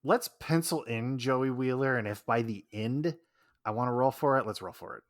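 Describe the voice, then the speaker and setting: A man guesting on a podcast, chatting casually about his game character, laughing often and trailing off quietly at the ends of thoughts. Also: medium pitch, normal speed, no echo, clean studio sound.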